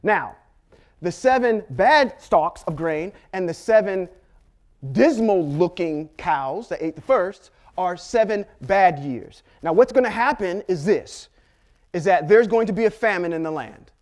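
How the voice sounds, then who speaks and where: A Bible teacher with a high, darkish voice and lively intonation speaks a little slowly in a Torah study lesson. He patiently goes through Hebrew letters and vowels, frequently checking "okay?" and throwing in small jokes.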